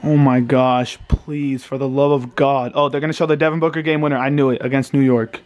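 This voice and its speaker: A man's voice: medium pitch, flat delivery, brisk, a little mellow, highs cut off. A young man in his twenties reacting live to a basketball game at home, anxious and pleading, swearing and groaning as he talks into a handheld camera. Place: home, indoors.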